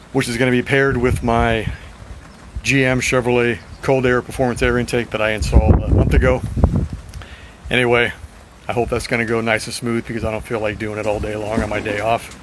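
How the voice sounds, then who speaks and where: A man chatting in a rambling, frank video diary, slightly raspy and short of breath. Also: medium pitch, noisy background. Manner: rambling, frank, swears at times. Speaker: vlogger.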